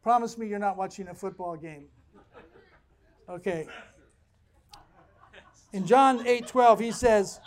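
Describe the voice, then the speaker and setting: A man preaching a sermon as pastor, reading scripture and explaining it with animated asides to his congregation. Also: high-pitched, takes it slowly, long pauses.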